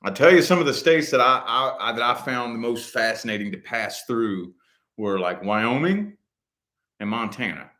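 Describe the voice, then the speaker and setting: Man, casual talk, rambling, loose, swears now and then, middle pitch. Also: expressive, normal speed, pushed and bright. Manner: rambling, loose and profane, with many "you know" fillers. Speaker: host answering viewer comments. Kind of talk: casual livestream chat.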